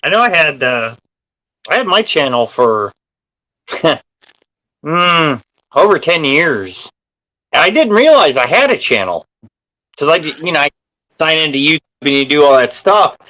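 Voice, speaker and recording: A man's voice: a little high, very animated, measured pace, long pauses, sharp tone, rough recording. A man talking in a casual live stream chat as a guest, self-deprecating and laughing easily. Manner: self-deprecating, chuckles often.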